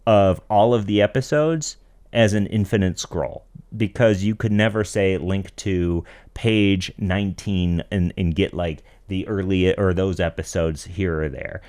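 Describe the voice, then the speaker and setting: A man's voice: deep voice, darkish tone. A man co-hosting a tech podcast, explaining things in casual chat. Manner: explanatory, reads listener questions aloud. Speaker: podcast co-host.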